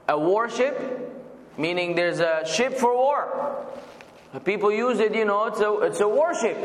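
Higher-voiced male teacher in echoey hall. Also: expressive, normal speed. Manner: patient, explanatory, spells out words. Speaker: religious teacher. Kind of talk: weekly Quran commentary class.

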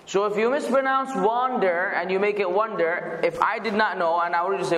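A man with a high, slightly bright voice teaches a weekly Quran commentary class at normal speed, patiently explaining and spelling out words. The hall is echoey and reverberant.

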